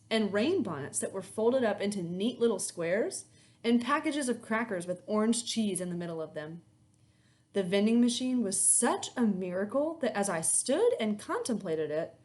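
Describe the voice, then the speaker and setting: A woman teacher reading a children's novel aloud to her class, with expressive storytelling. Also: medium pitch. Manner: expressive storytelling, lively intonation.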